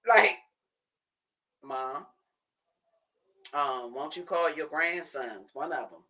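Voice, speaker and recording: A woman livestreaming from her home office, telling a story to her viewers in a casual, animated way, acting out the conversations. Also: low-pitched, slow pace, long pauses, lo-fi sound, soft background music. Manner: animated, acts out conversations, talks to herself. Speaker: livestream host.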